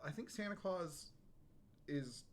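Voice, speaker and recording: A co-host on a live stream, chatting casually in a halting, rambling way. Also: medium pitch, animated. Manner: rambling, halting, full of restarts.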